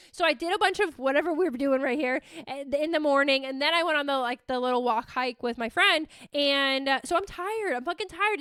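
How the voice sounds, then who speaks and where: A young woman tells a story on her own podcast in a high, bright voice. Her delivery is animated and profane, aimed straight at her listeners. The sound is close and dry, with no room echo. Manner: animated, profane, addresses listeners as "you guys". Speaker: podcast host. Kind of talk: casual storytelling monologue.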